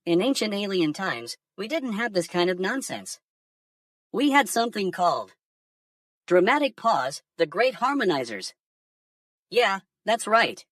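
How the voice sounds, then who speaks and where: A woman's voice: lowish voice, a bit bright, dry recording, studio quality, far from the mic. A woman voicing a crude alien conspiracy theorist who talks down to humans in a profane, mocking rant. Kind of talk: AI-generated news segment.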